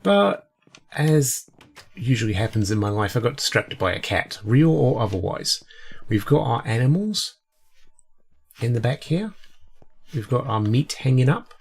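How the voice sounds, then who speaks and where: Man, cold, raspy voice, middling pitch, casual rambling game commentary. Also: very animated, measured pace, long pauses. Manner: rambling, chatty, self-deprecating. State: sick with a cold. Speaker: let's play host.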